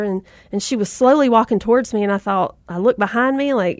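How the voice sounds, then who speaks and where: Chatty mom, bright higher voice. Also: female voice, brisk, few pauses, dry recording. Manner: chatty, self-deprecating, addresses listeners as mamas. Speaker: podcast host. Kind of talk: casual storytelling monologue.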